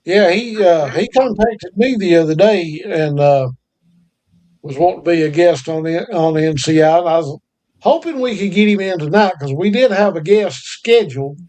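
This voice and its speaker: Man, high-pitched voice, folksy drawl, country sayings, chatty podcast co-host. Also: moderate pace, a little mellow. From North Carolina. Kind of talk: casual chat.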